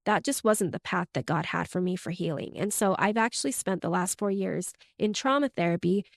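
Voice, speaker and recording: A woman's voice: lowish voice, a little fast, creaky, no room sound, studio quality. A young adult woman and podcast host, telling her own story in a candid, emotional way with many "like" fillers. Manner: emotional, open, frequent "like" fillers.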